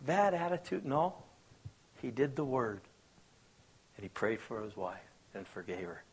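Storytelling preacher, voice rising and falling. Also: male voice, slightly rough. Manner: storytelling preacher, acts out quoted voices, asks the crowd questions; swings between hushed low asides and loud raised bursts. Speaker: pastor. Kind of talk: sermon.

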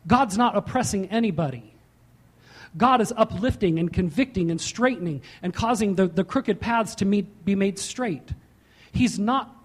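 A man preaching a sermon as pastor, slowing down to stress key points and dropping into chatty storytelling. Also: high-pitched. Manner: emphatic, slows and rises for key points, then drops into chatty storytelling.

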